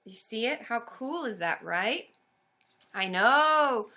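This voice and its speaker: A young woman chatting excitedly to her viewers while opening fan mail, often squealing with delight. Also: fairly high pitch, slow. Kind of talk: casual livestream chat.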